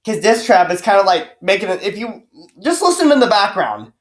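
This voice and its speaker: A man's voice: high-pitched, sing-song, fairly quick. A man, a YouTuber, ranting in a vlog, cursing and sarcastic, rambling with restarts. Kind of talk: profane angry rant vlog.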